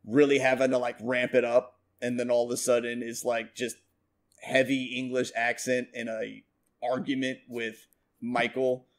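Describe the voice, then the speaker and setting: A man co-hosting a TV review show, talking in a rambling, profane, animated way with lots of fillers. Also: medium pitch, moderate pace. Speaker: podcast co-host. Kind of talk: casual chat.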